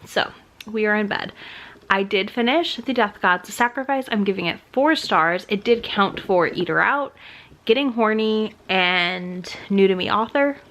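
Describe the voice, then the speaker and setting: A woman talking casually in a chatty, candid way, like a book vlogger catching her viewers up. Her voice sits at an everyday middle pitch, and she sounds easygoing. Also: measured pace, fairly bright tone. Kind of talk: casual vlog chat.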